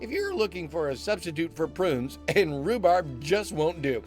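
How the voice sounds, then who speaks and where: Man hosting a comedy stream with a high voice, stammering, rambling banter, music behind. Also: big pitch swings, normal speed. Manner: stammering, self-interrupting, answers himself. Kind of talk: rambling comic livestream banter.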